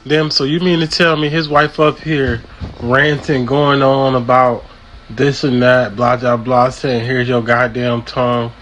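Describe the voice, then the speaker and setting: A man's voice: mid-range voice, steady tone, a little slow, fairly bright tone, soft background music. Sex: man. Role: blunt reaction-channel host. Tone: profane, casual.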